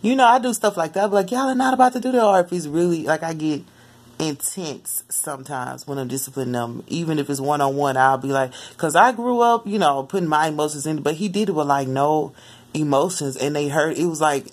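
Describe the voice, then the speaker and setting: A mother telling the story of a dream in casual, rambling vlog talk, often jumping into lively quoted asides. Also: low voice, brisk, husky. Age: adult mother. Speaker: spiritual vlogger.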